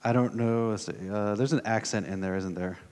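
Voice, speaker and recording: A man's voice: fairly low pitch, steady tone, a little fast, darkish tone, clean tone. An American man at a conference, talking casually through a live coding demo and thinking aloud as he types. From United States. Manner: casual, thinking aloud while typing, many fillers. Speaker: conference speaker. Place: conference hall. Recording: long hall reverb from a conference room.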